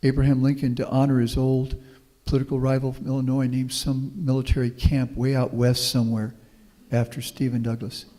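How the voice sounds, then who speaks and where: A man's voice: medium pitch, completely flat delivery, a little fast, few pauses, warm tone. Folksy Texan-born man in a reverberant hall. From Houston, Texas. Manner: folksy, anecdotal, optimistic. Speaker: guest speaker, professor. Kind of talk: public talk with Q&A. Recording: long reverb of a meeting hall.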